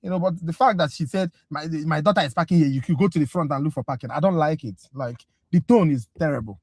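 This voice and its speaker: On a casual livestream review class, a tutor talks fast in a medium-pitched voice with a breathy edge, and no room sound is audible. The tutor rants with exasperation, talkative and direct, addressing viewers as "guys" before shifting into the actual lesson.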